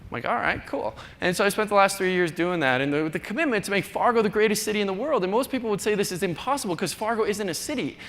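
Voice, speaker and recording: Bright-voiced man giving a keynote. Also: animated, fast talker, few pauses. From North Dakota, USA. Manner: chatty, self-deprecating, acts out quoted people in a higher voice. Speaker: conference speaker. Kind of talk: keynote talk. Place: large conference hall. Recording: long hall reverb, faint noise.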